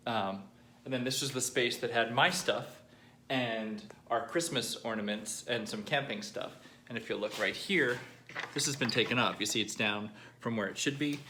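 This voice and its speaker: A young man recording a personal video diary, halting and emotional, choked up at times and pausing often with fillers. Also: medium pitch, noisy background. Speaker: vlogger.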